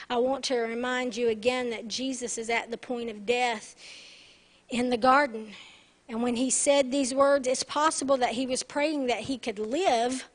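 Woman pastor, high voice, earnest sermon, asks the room "right?". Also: measured pace.

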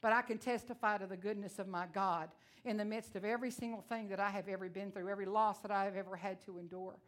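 A woman from Texas with a Texan accent, preaching a sermon in a loud, blunt, emotional and folksy way. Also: medium pitch, steady tone, fast talker. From Texas, USA.

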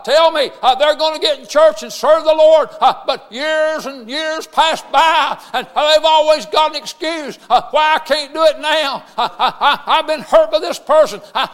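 Male pastor, high voice, shouts the sermon, halting "uh" delivery, echoing church. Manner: shouted emphatic preaching, frequent "uh" fillers. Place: church sanctuary. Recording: long reverb of a church hall.

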